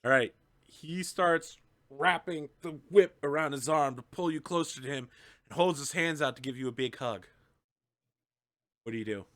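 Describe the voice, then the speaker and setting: A man narrating as game master of a tabletop game, relaxed and joking. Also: fairly high pitch, normal speed, no echo, studio quality.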